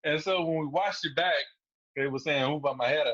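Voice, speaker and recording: A man's voice: fairly high pitch, fairly quick, a bit bright, highs cut off. Laid-back man telling fight stories. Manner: laid-back, laughs through his stories. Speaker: guest fighter. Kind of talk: casual storytelling interview.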